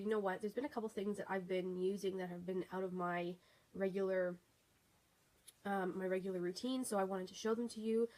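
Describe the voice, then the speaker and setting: A woman's voice: medium pitch, a little mellow, low-quality recording. Congested young woman chatting casually. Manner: chatty, many ums and restarts. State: congested from a cold. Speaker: beauty vlogger. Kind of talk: casual product review.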